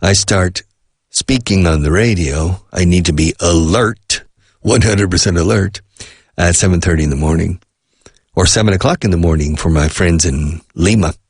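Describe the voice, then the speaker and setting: A man's voice: low voice, normal speed, husky, dry recording, clean studio sound. A middle-aged man hosting a radio show and teaching English, chatting casually, dropping in phrases and laughing often. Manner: chatty, mixes Spanish glosses, laughs often.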